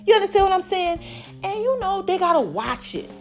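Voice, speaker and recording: A woman hosting her own podcast, talking casually and excitedly to her listeners, laughing often. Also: extremely high pitch, brisk, faint music behind. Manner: hyped, expressive, laughs often. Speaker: podcast host.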